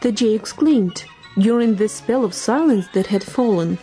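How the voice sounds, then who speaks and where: A woman narrating a storybook tale in a measured, expressive reading. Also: medium pitch, soft background music.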